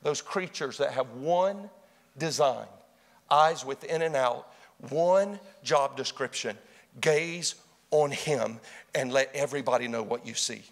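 A man preaching a sermon, swinging from hushed, intimate passages to loud, shouted exclamations. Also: mid-range voice, slow, long reverb tail.

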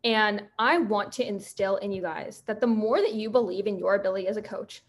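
A young woman in her twenties hosts a solo podcast and tells a personal story. She talks in an animated, chatty way and slips into other people's voices when she quotes them. Her voice sits in a middle pitch. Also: fairly quick. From Pennsylvania. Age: 20s. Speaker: podcast host and fitness coach.

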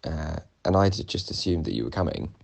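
A man's voice: very deep voice, expressive, brisk, gravelly, a little mellow, husky. A young man, casually retelling a dream, rambling with many fillers and restarts. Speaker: podcast co-host.

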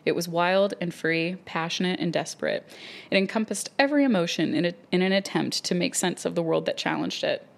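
Low gravelly woman reading aloud. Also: brisk. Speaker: podcast co-host. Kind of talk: reading a steamy romance novel aloud.

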